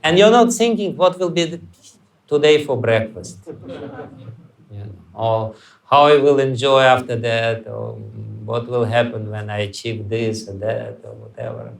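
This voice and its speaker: A man giving a spiritual lecture on scripture, animated and storytelling, sometimes acting out voices and chanting. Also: mid-range voice, moderate pace, gravelly. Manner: animated, acts out scenes and chants. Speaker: spiritual teacher. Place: temple hall.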